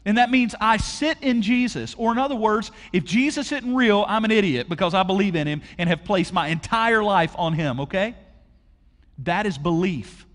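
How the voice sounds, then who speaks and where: A man's voice: high voice, expressive, moderate pace, a bit bright. A man preaching a conversational sermon to a church audience, asking them questions directly. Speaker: pastor. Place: large church auditorium. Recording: long hall reverb.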